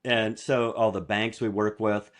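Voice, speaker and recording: Low-voiced man telling rambling stories. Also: level tone, measured pace. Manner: rambling anecdotes with chuckles. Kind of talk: casual storytelling.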